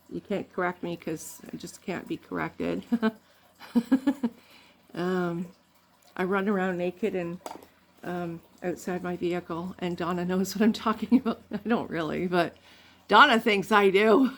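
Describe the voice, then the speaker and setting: A woman's voice: on the low side, a bit bright. An older woman from Canada telling rambling, funny family stories in a casual vlog, laughing often. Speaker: vlogger.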